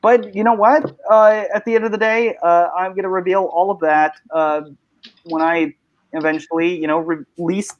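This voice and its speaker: A man's voice: sits high, steady tone, normal speed, highs cut off. A man hosting a casual panel chat, talking in rambling bursts with many restarts and laughs. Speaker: host.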